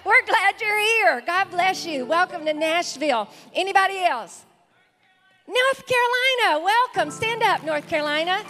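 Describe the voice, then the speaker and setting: High-voiced Southern woman pastor welcoming visitors. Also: animated, moderate pace, pushed and bright, long reverb tail. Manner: enthusiastic, calls out to the congregation. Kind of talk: church welcome and announcements. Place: large church sanctuary with a congregation. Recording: live church service with music and crowd.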